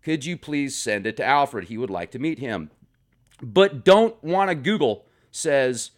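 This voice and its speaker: A man's voice: mid-range voice, sing-song, a little slow. A man hosting a comedic vlog from his garage, reading viewer comments in a playful, sarcastic manner. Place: home garage.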